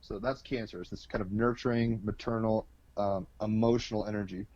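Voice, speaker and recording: A man's voice: lowish voice, fairly even intonation, brisk, a little mellow, no room sound, lo-fi sound. A man explaining astrology as an interview guest, in a loose, colloquial way full of fillers and the odd swear word. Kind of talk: casual explanatory interview talk.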